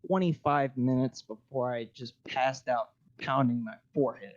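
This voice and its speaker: A man's voice: mid-range voice, normal speed, no room sound. A man calling into a live stream, chatting in a wry, mock-earnest, drawling way. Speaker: call-in guest. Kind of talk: casual chat with wry banter. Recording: dull dry call audio.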